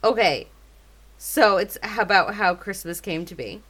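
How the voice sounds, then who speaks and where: A woman's voice: medium pitch, animated, unhurried, fairly bright tone. A woman in her thirties chatting as a podcast co-host, enthusiastic and full of fillers. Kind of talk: casual chat.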